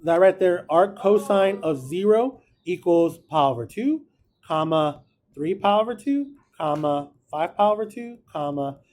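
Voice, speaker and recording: A man's voice: sits high, lively intonation, a little slow, darkish tone. A man teaching a math class, casual and encouraging, talking through each step aloud. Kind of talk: classroom lecture.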